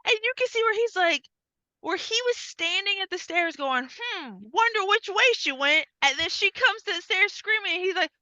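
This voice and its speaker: Animated, foul-mouthed podcast woman. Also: extremely high pitch, normal speed, no room sound, lo-fi sound. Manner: animated, profane, acts out scenes in voices. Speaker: podcast co-host. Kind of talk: casual chat recapping a movie.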